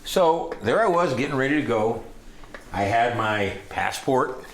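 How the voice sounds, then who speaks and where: A man's voice: medium pitch, lively intonation, unhurried, a little hiss or hum. A man in his sixties from Los Angeles casually telling a rambling story of his youth, putting on voices for the people he quotes. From Los Angeles, United States. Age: 60s. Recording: roomy echo.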